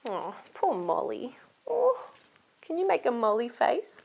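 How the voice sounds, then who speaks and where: A woman from Australia reading a storybook aloud to young children, animated and inviting them to join in. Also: fairly high pitch, slow.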